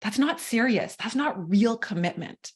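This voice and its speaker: A woman's voice: on the high side, expressive, measured pace. A woman guest coach speaking emphatically in an interview, often adding "right?". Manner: emphatic, tags lines with "right?".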